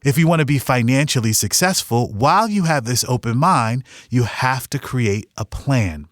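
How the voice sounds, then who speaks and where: A man's voice: medium pitch, lively intonation, moderate pace, no room sound. A man hosting a podcast, giving an earnest, upbeat motivational talk with a story from his past, on a studio mic. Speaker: podcast host. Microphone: studio microphone.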